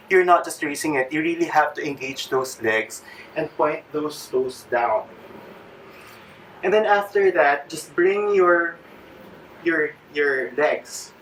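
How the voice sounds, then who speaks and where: A man's voice: fairly high pitch, a bit bright. A man with a Filipino accent demonstrating a yoga stretching routine, chatty and a bit out of breath, with jokey asides. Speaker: fitness vlogger. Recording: distant mic with faint background noise.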